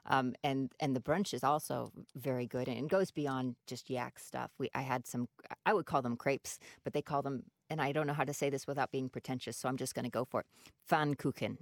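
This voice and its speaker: A woman with a notably low voice talks food on the radio in a loose, chatty way. She restarts her sentences and lets them trail off. The sound is close and dry, with no room around her. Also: steady tone, brisk, dry recording. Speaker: food commentator. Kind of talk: casual radio chat.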